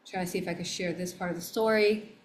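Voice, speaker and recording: A woman hosting a livestream, telling a story in a casual, excitable way, with frequent exclamations and restarted sentences. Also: fairly low pitch, fast talker. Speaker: livestream host.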